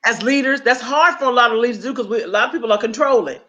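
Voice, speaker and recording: Woman, middle-aged, emphatic, animated leadership talk, acts out dialogue. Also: on the high side, racing, highs cut off. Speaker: guest speaker on leadership. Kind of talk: animated conversational teaching.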